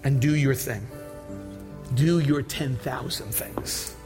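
A pastor preaching a sermon and leading an altar call prayer, pleading and repetitive, building to shouted prayer. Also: male voice, mid-range voice, slow, over music.

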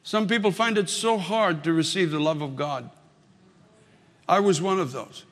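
A man's voice: a little high, moderate pace, a bit bright, long reverb tail. An older man preaching a sermon as a pastor, earnest and emphatic, leaning on repeated phrases.

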